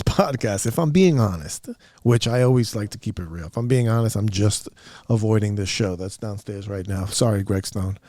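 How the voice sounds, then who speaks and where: A man's voice: fairly low pitch, warm tone, dry recording, studio quality. A man hosting his own podcast, talking alone in a candid, rambling, self-deprecating way with lots of fillers. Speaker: podcast host. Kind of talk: casual solo podcast monologue. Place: upstairs room at home.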